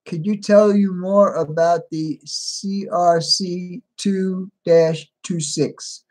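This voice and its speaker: A man's voice: sits high, steady tone, slow, darkish tone. Casual man greeting his stream viewers. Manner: reads out viewer names and replies to chat. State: a little tired. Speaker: livestream host.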